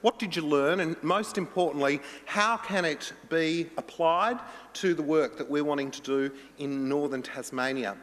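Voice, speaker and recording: Ożywiony australijski moderator, pogłos sali. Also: male voice, on the high side, moderate pace, few pauses. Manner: upbeat, lively, playful. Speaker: panel moderator. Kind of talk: moderating a conference panel. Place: large conference hall. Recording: long hall reverb.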